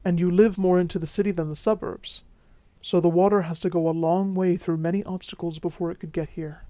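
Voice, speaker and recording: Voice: mid-range voice, steady tone, fairly quick, no room sound, natural voice. An actor playing a flirty Mexican-accented vampire. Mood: reassuring. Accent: Mexican Spanish accent, put on by the figure. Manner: teasing, warm, soothing, drops to whispers. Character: charming flirtatious male vampire, protective. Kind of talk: audio role-play drama.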